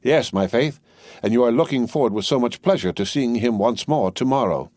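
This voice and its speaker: A man's voice: mid-range voice, animated, a little fast, a little mellow, no room sound, clean studio sound, pitched above the performer's own voice, lightly acted. A man voicing a cheerful, amiable revolutionary woman in an audiobook. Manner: cheerful, eager.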